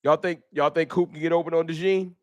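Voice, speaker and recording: A lively male host fronts a fan talk livestream at a quick pace, his voice slightly higher than typical for a man. Emphatic and full of slang, he hammers the same points repeatedly as he argues. There's almost no room echo in the dry, close recording.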